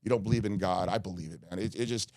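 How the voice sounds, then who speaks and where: A man's voice: sits low, fast, a little mellow, no echo, studio quality. A middle-aged man, a guest in a candid podcast talk, speaking in heated bursts with stammered restarts. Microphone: studio mic.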